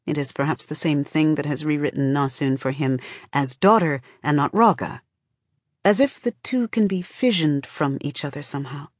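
A woman narrating an audiobook in a measured, close storytelling voice. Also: low voice, dry recording. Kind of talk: scripted narration.

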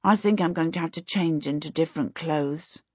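A woman's voice: deep voice, normal speed, breathy edge, no echo, dull audio. A woman voicing a flustered, clumsy young boy wizard who wails when things go wrong, in a storybook reading. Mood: defensive. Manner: wailing, flustered.

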